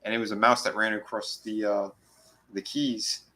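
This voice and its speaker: A man co-hosting a horror review podcast, excitedly retelling episode scenes in a rambling, casual way. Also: lowish voice, moderate pace. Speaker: podcast co-host.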